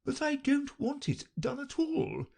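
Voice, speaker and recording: A flustered old queen from a storybook, vague and melancholy, talking in a high, fluttering voice, as a woman reads her. The voice swoops about a lot and has a faint husk. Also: sing-song, measured pace, a little mellow, husky, exaggerated voice.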